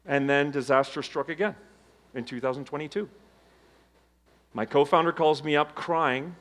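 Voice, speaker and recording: A man in middle age delivers a motivational keynote to a live audience. His voice sits fairly high, and he shifts sharply between loud emphatic lines and quiet, low ones. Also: fairly even intonation, normal speed. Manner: dramatic swings from loud emphasis to hushed low tones. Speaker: keynote speaker. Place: conference stage before a live audience.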